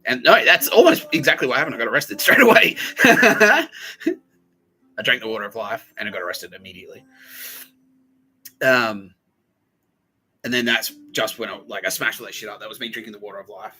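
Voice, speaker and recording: A man's voice: mid-range voice, animated, a little fast, pauses often, bright, forceful tone, breathy edge, low-quality recording. A man hosting a podcast, telling a rambling comic story, often laughing and acting out the voices of people in it. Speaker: podcast host. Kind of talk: rambling comedic monologue.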